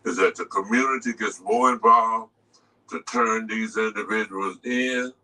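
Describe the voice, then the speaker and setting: A man interviewed on the news, speaking in a measured, formal way. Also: on the low side, fairly even intonation, pushed and bright. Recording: distant TV audio.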